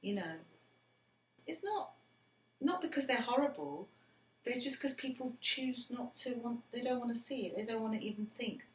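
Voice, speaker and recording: Her voice fairly high, lively in intonation and moderate in pace, a middle-aged woman tells personal stories to her adult son as he interviews her. She speaks earnestly, frequently dipping to a near whisper, in a roomy recording with faint background noise.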